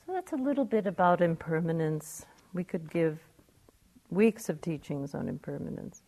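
An older woman, a meditation teacher, giving a gentle, reflective dharma talk. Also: lowish voice, animated, normal speed.

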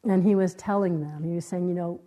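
A woman meditation teacher giving a dharma talk in a gentle, reflective way, with halting, searching phrases. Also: lowish voice, fairly even intonation, highs cut off. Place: meditation hall.

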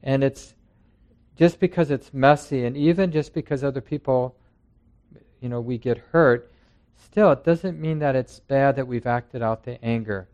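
A man's voice: medium pitch, a little slow, a little mellow, muffled recording. A man, a meditation teacher, giving a conversational, reflective dharma talk to a group in a meditation center. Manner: conversational and reflective, with acted quotes. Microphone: handheld mic passed around.

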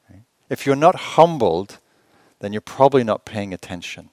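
A man teaching meditation at a retreat, talking conversationally and asking rhetorical questions with gentle humor. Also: mid-range voice, big pitch swings, normal speed, no room sound. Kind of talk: retreat dharma talk.

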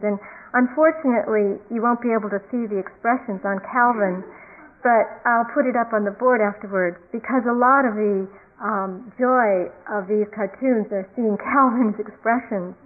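A woman meditation teacher giving a calm, reflective dharma talk, often repeating key phrases. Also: mid-range voice. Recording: tinny phone-like recording.

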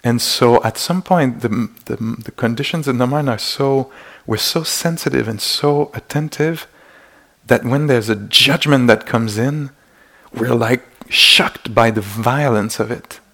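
Gravelly-voiced male meditation teacher. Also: medium pitch, measured pace. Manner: gentle, searching, many restarts and acted-out inner exclamations. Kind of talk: dharma talk. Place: meditation retreat hall.

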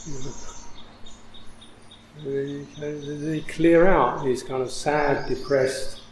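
A man who is a Buddhist monk teacher, giving a reflective dharma talk with frequent soft laughter. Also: fairly high pitch, steady tone, slow pace, echoey room, slight background noise, low-quality recording.

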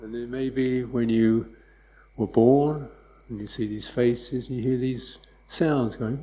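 A man giving a dharma talk as a meditation teacher, speaking softly and unhurriedly, with reflective repetitions. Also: mid-range voice, steady tone, slow, poor audio.

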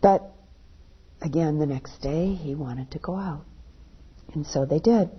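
A woman meditation teacher telling a story in a dharma talk, unhurried, her voice dropping softly at the ends of phrases, on a dull lo-fi recording. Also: low-pitched, slight background noise.

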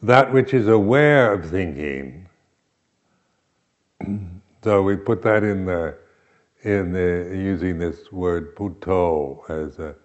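A man giving a reflective dharma talk as a meditation teacher, pausing often and restarting his phrases. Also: deep voice, lo-fi sound. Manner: slow, reflective, with many pauses and restarts.

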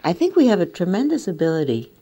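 An older woman giving a dharma talk as a meditation teacher, telling stories in a gentle, reflective way. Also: lowish voice, huge pitch swings, fast, husky. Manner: gentle, reflective storytelling with soft laughs.

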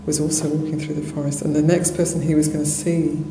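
A Buddhist nun giving a dharma talk in a monastery hall, telling a story conversationally with soft laughs and many fillers. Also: female voice, sits low, level tone, quick pace. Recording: roomy hall echo, faint noise.

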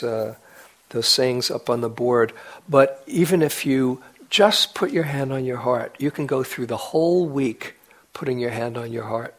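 Slow, gentle male meditation teacher. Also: medium pitch, rough recording. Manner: gentle, unhurried, with soft whispered asides. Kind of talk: dharma talk. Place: meditation retreat hall.

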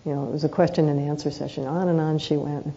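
Woman, meditation teacher, dharma talk, earnest unhurried storytelling, mellow voice, muffled lo-fi sound. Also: low-pitched, level tone, gravelly. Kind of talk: reflective dharma talk with personal stories.

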